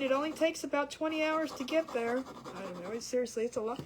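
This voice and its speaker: A woman's voice: high-pitched, expressive, brisk, hardly any pauses, slight background noise. A woman hosting a casual craft livestream, chatty and giggly, rambling with restarts as she works.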